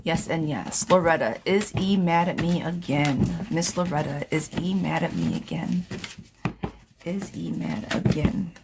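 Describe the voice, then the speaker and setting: A woman's voice: low voice, normal speed, gravelly, hardly any pauses, noisy background. A woman doing live tarot readings, reading viewer questions aloud and answering them in a blunt, chatty way. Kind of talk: casual live-stream chat.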